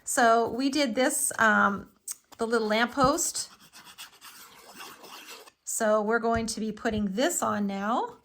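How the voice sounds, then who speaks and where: A middle-aged woman with a fairly high voice walks viewers through a live craft project. She chats along enthusiastically, filling pauses with little ums as she works. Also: a bit bright, a little hiss or hum. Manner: chatty and enthusiastic, with frequent fillers. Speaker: crafting tutorial host.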